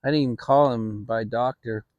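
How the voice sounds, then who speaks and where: A man's voice: medium pitch, normal speed, no room sound, lo-fi sound. Middle-aged man telling a story casually. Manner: relaxed, rambling, with restarts. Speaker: channel host. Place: home, relaxed fireside setting.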